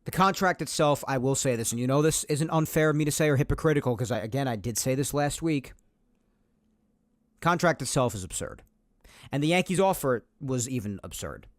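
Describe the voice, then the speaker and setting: Hosting a solo sports podcast, a man voices strong opinions emphatically, repeating his points to hammer them home. He speaks fairly quickly in an animated, medium-pitched voice, and the recording is dry with clean studio sound.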